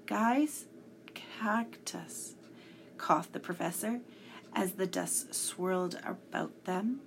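A woman reading a children's story aloud, slow and deliberate, with small slips along the way. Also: lowish voice, vocal fry, slight background noise.

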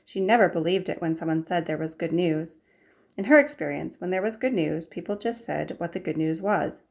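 A woman narrating a novel aloud in a measured storytelling manner. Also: on the low side, vocal fry, darkish tone. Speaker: audiobook narrator. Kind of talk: scripted narration.

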